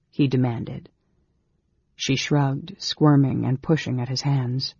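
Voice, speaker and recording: A man reading a fantasy novel aloud as an audiobook narrator, in a measured, dramatic way. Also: mid-range voice, level tone, vocal fry, a little mellow, breathy edge, no room sound. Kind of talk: scripted narration. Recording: dull lo-fi recording.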